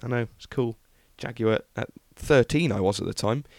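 A man's voice: mid-range voice, normal speed, creaky, no echo, studio quality. A young man hosting a podcast, chatting casually and enthusiastically about car news with lots of ums. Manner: rambling, enthusiastic, many ums. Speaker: podcast host.

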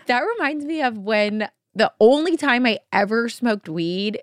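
A woman's voice: a little high, unhurried, dry recording, clean studio sound. A young woman co-hosting a casual podcast, telling stories with acted-out quotes and frequent laughter. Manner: animated storytelling, acts out quotes, laughs often. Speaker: podcast co-host. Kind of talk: casual chat.

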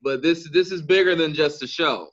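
A man of middle pitch talking casually, circling his point with restarts and checks for agreement. The audio is dull and lo-fi, with the top end missing. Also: moderate pace, fairly bright tone. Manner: rambling, with many restarts and "you know what I mean". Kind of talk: casual conversation.

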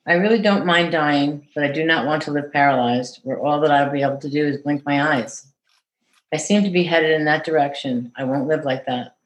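A woman caregiver reading a letter aloud in an earnest, measured way, then answering interview questions. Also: low-pitched, fairly even intonation. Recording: echoey room.

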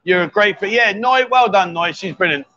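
A man's voice: sits high, animated, normal speed, sharp tone. A man hosting a casual livestream from a bar, teasing his guests with jokey banter. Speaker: livestream host. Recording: dull lo-fi livestream audio.

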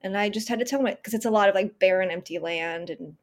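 A woman's voice: medium pitch, fast. A woman of about thirty, a podcast guest telling a personal story earnestly and with emphasis, often restarting and acting out her inner dialogue. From Northern California. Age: 30s.

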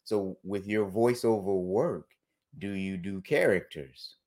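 A man's voice: on the low side, slow pace, darkish tone. A man hosting an interview, joking playfully and teasing his guest with questions. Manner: jokey, playful. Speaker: host. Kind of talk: casual interview chat.

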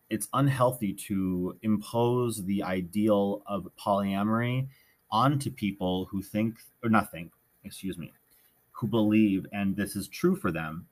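Hiccuping throughout, a man delivers a casual solo podcast monologue in a fairly low, slightly bright voice, taking his time. He rambles earnestly and frequently corrects himself.

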